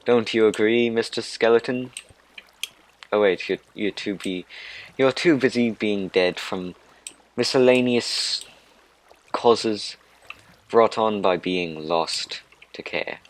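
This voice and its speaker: A man's voice: fairly low pitch, slow pace. A man giving rambling, self-mocking commentary over his own gameplay. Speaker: let's play host.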